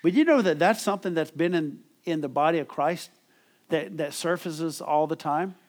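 A man's voice: a little high, normal speed. A middle-aged man preaching a sermon as pastor, emphatic and calling for amens from the congregation. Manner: emphatic preaching with call-and-response.

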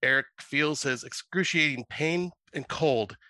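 A man, a podcast co-host, reading his own short story aloud in a steady, plain way. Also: fairly high pitch, measured pace, no room sound.

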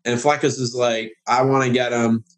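Here a guest on a laid-back podcast recounts a long story at a normal tempo. Animated and full of sarcasm, he pops into high voices whenever he mimics someone.

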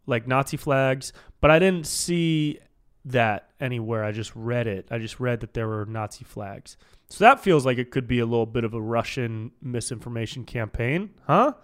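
A man's voice: medium pitch, clean tone. A man hosting a casual solo podcast, rambling and swearing, calling the listeners dude. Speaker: podcast host.

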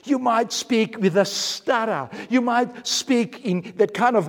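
High-voiced preacher in a reverberant hall. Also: male voice, takes it slowly, creaky. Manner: storytelling, earnest, with restarts and varied loudness. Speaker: pastor. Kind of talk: sermon.

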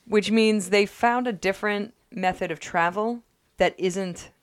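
A woman co-hosting a podcast, recapping an episode in casual chat with wry, quick asides. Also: mid-range voice, no echo. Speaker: podcast co-host.

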